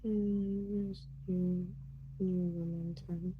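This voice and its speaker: A woman's voice: on the low side, little pitch movement, drawn-out words, phone-quality sound, a little hiss or hum. A Nigerian woman from Nigeria hosting a casual livestream, greeting viewers by name and asking them curious questions. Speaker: livestream host.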